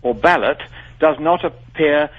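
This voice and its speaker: A man with a fairly high voice speaks a little slowly as a guest in a radio interview, articulate, formal and emphatic. The broadcast sounds dull and lo-fi.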